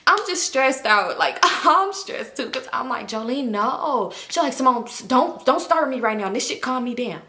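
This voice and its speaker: A young woman tells a messy storytime to her viewers in a bright, fairly high voice. She acts out everyone's lines, swearing freely as she goes. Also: moderate pace, few pauses. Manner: animated retelling with quoted voices and swearing. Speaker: storytime vlogger. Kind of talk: casual storytime.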